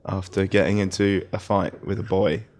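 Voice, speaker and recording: A man's voice: deep voice, steady tone, moderate pace, darkish tone. An English man hosting a casual podcast, introducing guests with dry, self-mocking jokes. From England. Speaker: podcast host, magazine editor in chief.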